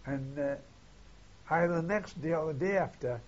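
An older war veteran, speaking in a slightly high voice at a moderate pace, recalls wartime events in an oral history interview. He rambles, retells old conversations and often tags on "see?", on a dull lo-fi archive tape.

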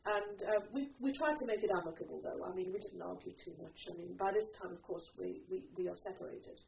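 A woman's voice: on the low side, fast, gravelly, a little mellow. A middle-aged woman telling a personal story, rambling, with many restarts and "you know"s. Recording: distant muffled recording with faint noise.

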